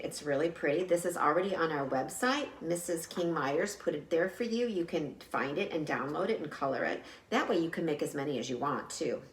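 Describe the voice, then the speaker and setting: A woman teaching an online Sunday school lesson, speaking gently and simply to young children, recorded on a home camera. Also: on the low side, a little hiss or hum. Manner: gentle, encouraging, talks simply to young kids. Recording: roomy echo.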